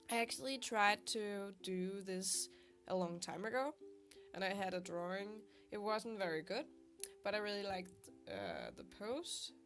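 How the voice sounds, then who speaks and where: A young woman with a sick voice, chatting casually and laughing at herself as she narrates her drawing process. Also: mid-range voice. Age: young adult. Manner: chatty, self-deprecating, laughs often. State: sick, congested voice. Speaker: art vlogger. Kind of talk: casual voice-over while drawing. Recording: faint guitar music behind. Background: soft guitar music.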